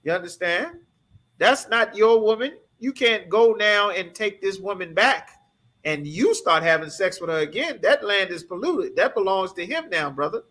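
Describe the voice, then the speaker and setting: A man's voice: high voice, lively intonation, normal speed, bright, forceful tone. A man teaching a scripture class, preaching emphatically in a streetwise way and asking the class rhetorical questions. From United States.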